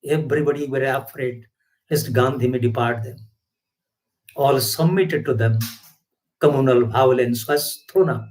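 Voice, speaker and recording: A man's voice: mid-range voice, a little slow, pauses often, a little mellow, poor audio. A man giving a spiritual sermon, emphatic and repetitive, with rhetorical questions. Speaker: spiritual teacher.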